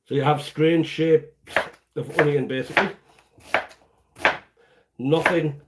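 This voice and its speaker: A man's voice: fairly high pitch, fairly even intonation, slow, very noisy. A man hosting a casual home cooking livestream, chatting and explaining each step in a rambling way. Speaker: home cooking channel host. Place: home kitchen.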